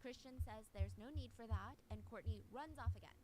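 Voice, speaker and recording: A woman narrates a true-crime case, walking steadily through events and quoting the people involved. Her voice sits a little high. It is played back with clear noise underneath. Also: moderate pace. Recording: noisy played-back video audio.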